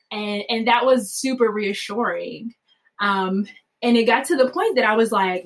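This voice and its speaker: A woman with a somewhat high voice recounts a personal story. She talks in a loose, animated way, full of fillers and quick laughs. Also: poor audio. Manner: animated, chatty, many fillers like "like" and "um", laughs often. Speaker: mother telling her birth story.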